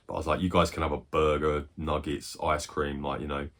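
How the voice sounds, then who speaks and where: A man in his forties chatting casually as a retro game collector, rambling through stories, swearing freely and breaking into quick bursts of excitement. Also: extremely low pitch. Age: 40s. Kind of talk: casual chat.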